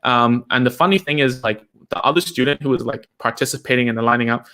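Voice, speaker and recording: A man's voice: mid-range voice, fast, bright, forceful tone. A man hosting a live question-and-answer session as a speech therapist, talking casually and filling his speech with "like" and "right?". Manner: chatty, uses many fillers like "like" and "right?".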